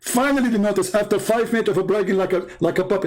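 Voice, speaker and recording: A man with a fairly high voice tells a mocking story to his audience. He is sarcastic and jokey, hosting his own live debate channel. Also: racing, a little mellow.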